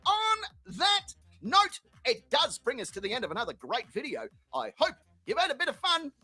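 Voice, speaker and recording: A man's voice: very high-pitched, big pitch swings, moderate pace, bright, forceful tone, dry recording. A man hosting a comedy show, telling crude, profane, rambling stories. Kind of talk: crude comic monologue.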